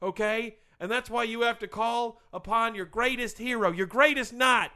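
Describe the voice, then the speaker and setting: A man voicing a male storyteller with a put-on Southern drawl who spins a hushed fantasy tale in a comedy podcast sketch. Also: very high voice, normal speed, pitched above the performer's own voice. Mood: storytelling. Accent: American Southern put-on.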